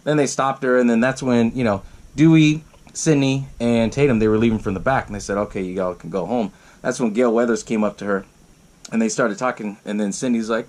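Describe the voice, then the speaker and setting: A man's voice: mid-range voice, sing-song, fairly quick. A man hosting a podcast, retelling a horror film in a casual, rambling way, swearing often, laughing, and acting out the characters' lines. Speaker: podcast host. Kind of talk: casual movie recap.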